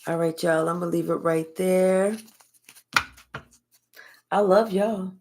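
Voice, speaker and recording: An older woman runs a live spiritual reading stream, chatting casually and warmly thanking viewers by name in a relaxed way. Her voice sits lowish and moves slowly, with a noisy background behind her.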